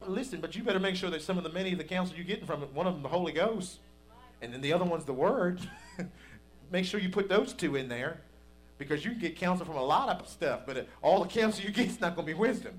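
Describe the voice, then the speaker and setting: A man's voice: a little high, animated, fast talker, soft background music. A man preaching a sermon as pastor, in a folksy, conversational way that builds to emphatic peaks.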